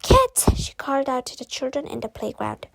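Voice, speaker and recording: A woman reading a children's book aloud slowly and carefully, with the odd small stumble. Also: sits high, fairly even intonation, vocal fry, darkish tone, slight background noise, poor audio. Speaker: storybook reader.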